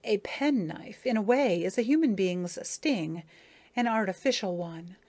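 A woman voicing a grieving, self-important female dragonfly who tells her tale slowly, mournfully and dramatically. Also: medium pitch, lively intonation, a little mellow. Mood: grave dramatic. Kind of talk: audiobook character reading.

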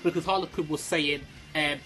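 A man giving a casual, excitable film review, swearing freely and filling his talk with "like" and "um". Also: on the high side, normal speed, soft background music. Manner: excitable, swears a lot, many fillers.

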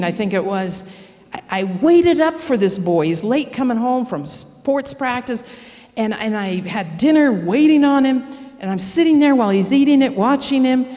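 A woman's voice: on the high side, dark tone. A middle-aged woman telling a candid, confessional story in a sermon at a church speaker event. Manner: earnest, confessional, candid about her faults. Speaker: speaker at a prayer seminar. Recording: long reverb of a church hall.

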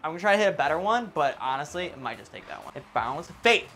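Young male gamer, excitable and foul-mouthed; big pitch swings from mutter to shout, faint music underneath. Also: fast. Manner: excitable, swears a lot, yells at misses. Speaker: gamer commentating his own play. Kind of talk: casual live gameplay commentary.

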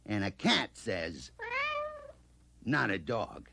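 A man's voice: on the low side, very animated, slow pace, gravelly, noisy background, heavily acted. A man playing a coaxing trainer who teaches a dog animal sounds in a children's TV sketch.

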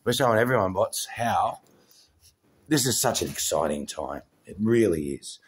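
A man's voice: on the low side, animated, normal speed, a little hiss or hum. A man filming a home pet vlog, chatting casually and cooing to his dog in a playful sing-song voice. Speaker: pet vlogger.

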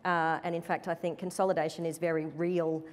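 A woman executive speaking on a conference panel, in a measured, careful corporate manner. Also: sits low, little pitch movement. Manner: measured, corporate, careful to avoid direct answers. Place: conference stage before an audience. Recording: reverberant conference hall.

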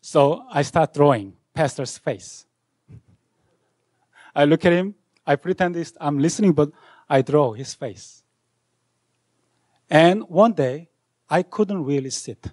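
Dramatic high-voiced male preacher. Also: slow, pauses often, no echo, clean studio sound. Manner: dramatic, swinging from loud outbursts to hushed lines. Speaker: pastor. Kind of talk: sermon. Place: university chapel.

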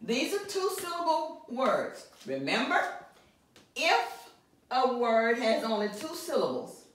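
Woman teacher, slow and deliberate, mic well off in a strongly echoing room. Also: fairly high pitch, very animated, slight background noise. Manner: slow, deliberate, stresses syllables loudly; laughs at herself. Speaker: Spanish teacher. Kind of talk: classroom lesson at a whiteboard. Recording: roomy echo from far off, faint music.

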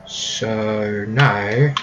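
A man giving casual gameplay commentary, rambling and self-mocking with sudden excited yelps. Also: on the low side, extremely slow, lo-fi sound, over music. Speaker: let's play gamer. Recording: keyboard clicks audible behind.

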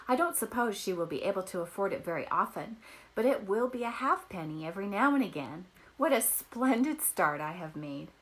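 A woman voicing an eager, kind young peasant girl who talks in a bright, excited way. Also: mid-range voice, a little fast, natural voice. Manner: bright and excited, bubbling with thanks.

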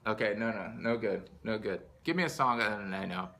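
Low-voiced playful middle-aged woman. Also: moderate pace, fairly bright tone. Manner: playful, joking, sings off-key. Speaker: vlogger, mother. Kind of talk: casual family vlog chat.

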